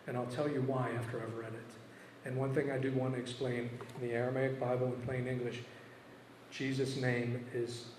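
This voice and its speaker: A man's voice: medium pitch, darkish tone, a little hiss or hum. A man delivering a sermon, reading scripture aloud with earnest emphasis and commenting on it. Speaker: preacher. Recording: roomy reverberant hall with faint ambience.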